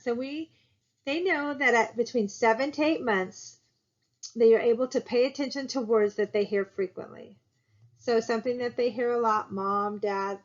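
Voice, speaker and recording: A woman's voice: fairly high pitch, muffled recording. A woman instructor giving a recorded video lecture, explaining patiently with fillers and restarts. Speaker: college instructor.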